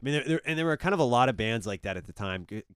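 A man's voice: mid-range voice, animated, rapid-fire, fairly bright tone, smooth, no echo, studio quality. A man from Orange County, chatting casually as a podcast guest in a rambling, laid-back way full of "kinda" and "dude". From Orange County, California. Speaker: podcast guest, comedy show organizer. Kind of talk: casual chat.

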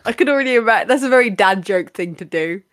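A woman's voice: a little high, expressive, fast talker, no echo, clean studio sound. A young woman co-hosting a podcast in casual chat, bubbly and jokey, often talking over her co-host.

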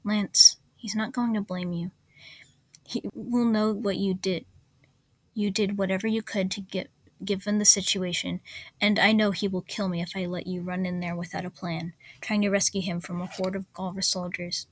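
A woman's voice: level tone, moderate pace, no echo, natural voice. Reader doing a blunt warrior woman, firm and urgent, in a close, dry storybook read. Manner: firm, low and urgent, hissing.

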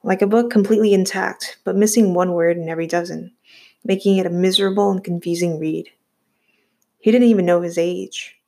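A woman reading a novel aloud in a steady storytelling manner. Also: on the low side, brisk. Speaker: audiobook reader.

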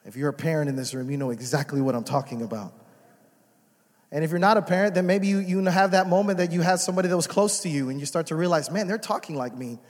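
A young adult man preaching a sermon as a pastor, moving from soft prayer to loud exhortation. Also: on the high side, steady tone, fast talker. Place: church sanctuary. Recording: reverberant church hall.

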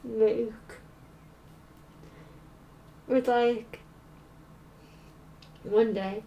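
A woman vlogger telling a personal story in a halting way, full of fillers. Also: fairly high pitch, steady tone, muffled recording. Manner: halting, slow, with many fillers. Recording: roomy, distant mic.

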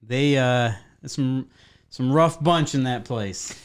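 A man's voice: medium pitch, slow, clean tone. A man co-hosting a podcast in casual chat, joking crudely and swearing freely. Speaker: podcast co-host.

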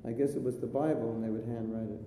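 A man's voice: steady tone, fast, warm tone. Man giving a jokey talk in a hall. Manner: chatty storytelling, jokey asides. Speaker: spiritual teacher. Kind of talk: sermon with jokes. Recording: live recording, echoey hall, faint rumble.

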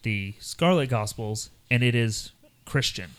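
A man co-hosting a podcast, talking in a rambling, animated way and putting on voices when he quotes people. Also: mid-range voice, unhurried, clear, resonant tone. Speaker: podcast co-host. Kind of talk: casual chat.

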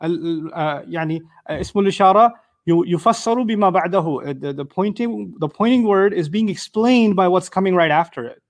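A man's voice: high voice, a little fast, hardly any pauses. A man teaching a lecture on Quran verses, explaining with examples and rhetorical questions and reciting Arabic passages.

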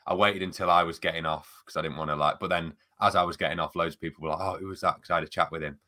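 A man's voice: sits low, fairly even intonation, very fast, bright, forceful tone. A man co-hosting a casual football chat, telling stories and laughing often. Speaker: podcast co-host.

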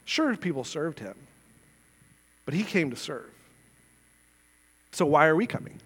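A man's voice: fairly high pitch, sing-song, unhurried, a bit bright, long reverb tail, a little hiss or hum. A man preaching a sermon as pastor, earnest and conversational, asking his listeners rhetorical questions. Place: church sanctuary.

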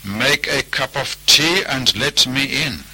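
A man's voice: medium pitch, expressive, takes it slowly, pushed and bright, breathy edge, heavily acted, rough recording. A man voicing a vengeful, mighty male fire spirit that calls out insistently in a storybook tale. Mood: menacing.

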